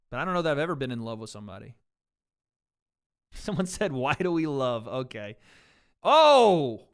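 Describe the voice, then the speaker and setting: A man's voice: medium pitch, fairly bright tone, clean tone. A man hosting a livestream watch party, riffing on chat in blunt, profane casual commentary. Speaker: livestream host.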